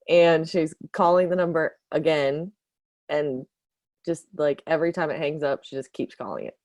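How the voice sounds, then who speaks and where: A woman with a notably low voice plays a tabletop horror game, talking through her character in a loose, rambling way, full of fillers. The sound is dry and close. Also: no echo. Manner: rambling, filler-heavy, casual. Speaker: player. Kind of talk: tabletop role-play, describing her character.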